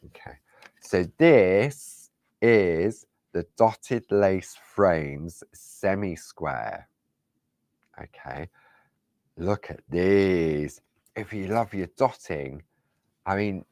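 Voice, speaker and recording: A man's voice: low-pitched, darkish tone, no echo. A man hosting a craft show, chatting casually through products, stumbling over words and laughing at himself. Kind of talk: casual product demo chat.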